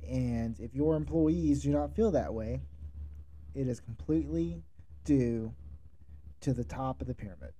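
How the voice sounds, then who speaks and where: A man with a deep, very mellow voice hosts a podcast and coaches listeners. His delivery is direct and instructive. He sounds like a manager passing on hard-won advice. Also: measured pace, long pauses. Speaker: podcast host, restaurant manager. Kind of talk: solo podcast monologue giving advice.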